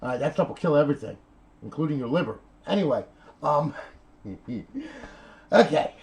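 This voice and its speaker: A man's voice: fairly high pitch, big pitch swings, a little slow, darkish tone, low-quality recording. Chatty man rambling through a repair story. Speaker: console repair vlogger. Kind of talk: rambling casual video talk.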